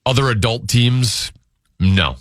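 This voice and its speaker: A man's voice: mid-range voice, lively intonation, slow, noisy background. A man co-hosting a sports radio show in casual studio chat, speaking candidly and earnestly.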